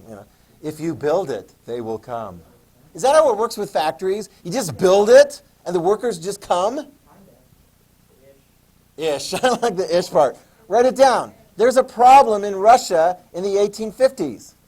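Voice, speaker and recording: A man teaching history in a classroom, his voice sitting a bit high as he fires questions at the students, throws in jokes, and keeps the lecture animated and moving. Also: poor audio. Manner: animated, quizzing students, joking asides.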